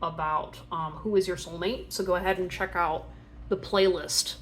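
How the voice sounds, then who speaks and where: A woman's voice: fairly low pitch, fairly even intonation, normal speed, a little hiss or hum. A young woman giving a casual tarot reading, chatty and rambling with lots of fillers, often acting out playful voices for imagined people. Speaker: tarot reader.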